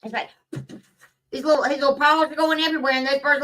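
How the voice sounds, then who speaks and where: A woman's voice: high voice, fairly even intonation, quick pace, long pauses, fairly bright tone, far from the mic, low-quality recording. A woman, talking in a blunt, profane, casual vlog rant and laughing at her own stories. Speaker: vlogger. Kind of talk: casual ranting monologue.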